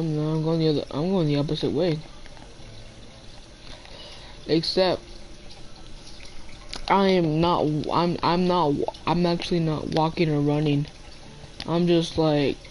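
A man's voice: a little high, flat delivery, normal speed, long pauses, darkish tone, rough recording. Teen boy, gamer, playful casual chat, faint background noise. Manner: playful, chatty, talks to game animals.

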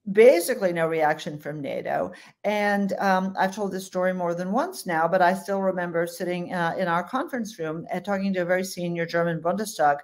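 A woman foreign policy commentator giving blunt, emphatic interview answers with colloquial put-downs. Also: mid-range voice.

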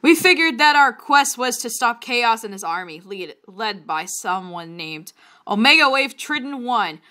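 Woman reading bad fan fiction aloud. High, bright, swooping voice. Slow, mock-dramatic delivery, bursts into shrieking laughter. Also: animated. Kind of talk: dramatic reading with mocking commentary.

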